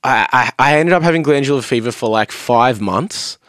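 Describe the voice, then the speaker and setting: A young man chats casually on a podcast. He swears freely and rambles through animated stories. His voice is mid-pitched and recorded dry and close on a studio mic. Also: normal speed, no echo. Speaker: podcast guest, vocalist and producer. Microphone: studio mic on a stand.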